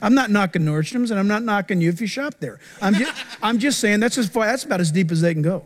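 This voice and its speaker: A middle-aged male pastor preaching a sermon in an animated, joking way. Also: high voice, fast, hardly any pauses. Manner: animated, joking, acts out quoted voices.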